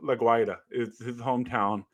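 A young man at a medium pitch tells stories in a casual podcast chat. He keeps a loose, excited flow, full of fillers and false starts. The recording is close and dry, with no room sound. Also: a little fast, dry recording. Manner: animated storytelling with fillers and restarts. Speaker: podcast co-host, former ballplayer.

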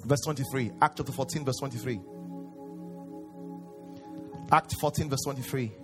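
A man's voice: medium pitch, quick pace, music in the background. A man preaching a sermon in a sing-song, questioning style, asking the crowd to finish his lines.

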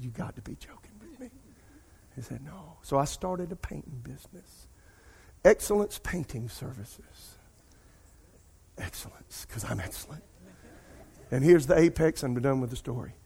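Husky pastor preaching. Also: male voice, mid-range voice. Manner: animated storytelling, addresses congregation as "y'all". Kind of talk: sermon with personal story.

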